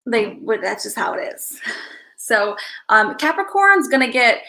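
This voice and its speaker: A woman's voice: fairly high pitch, very animated, unhurried, bright, forceful tone, rough recording. A woman hosting a casual livestream, chatting in a rambling way and greeting viewers by name. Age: adult parent. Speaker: livestream host.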